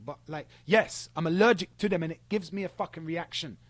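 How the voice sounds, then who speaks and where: A man's voice: a little high, fairly quick, hardly any pauses. A young man ranting at someone, confrontational and sweary, repeating himself as he builds his case. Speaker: streamer addressing a former friend. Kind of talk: ranting monologue.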